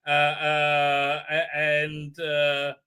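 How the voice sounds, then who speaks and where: A man voicing a flamboyant, campy male king in a drawn-out parody. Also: fairly high pitch, completely flat delivery, bright, forceful tone, smooth, full character voice. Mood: mocking.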